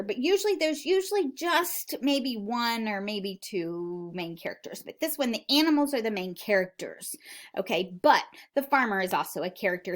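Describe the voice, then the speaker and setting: A woman teacher in a recorded video lesson for young children, speaking in a sing-song, questioning way and calling herself by her own name. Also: mid-range voice.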